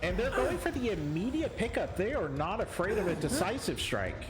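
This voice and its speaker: A young man commentating a video game match live, his voice fairly high and swinging widely as the action turns. He gets excitable and sometimes stumbles over his words. The sound is roomy and echoey, with clear background noise. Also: moderate pace. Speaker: esports caster.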